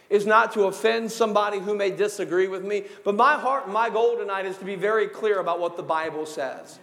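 A male pastor with a high voice delivers a sermon, working through his points one by one and drawing out the words he wants to land. His voice rings with a long reverb, as if it were caught in a large sanctuary. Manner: emphatic, numbered points, slows to stress key words. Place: church sanctuary.

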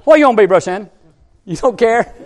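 A man preaching a sermon as pastor, joking with the congregation and building up to shouted passages. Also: high-pitched, animated, fast.

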